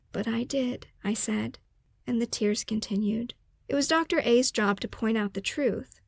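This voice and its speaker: A woman hosting a self-care podcast, reading her own personal story aloud in an earnest, measured way and slowing down for emphasis. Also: on the high side, fairly even intonation, creaky, darkish tone, no room sound. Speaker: podcast host.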